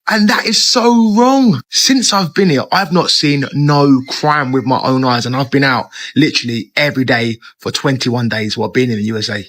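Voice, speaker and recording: A man's voice: mid-range voice, normal speed, few pauses, a bit bright. A man with a London accent talking to camera in an emphatic, repetitive way. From England. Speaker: traveler. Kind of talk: casual to-camera monologue.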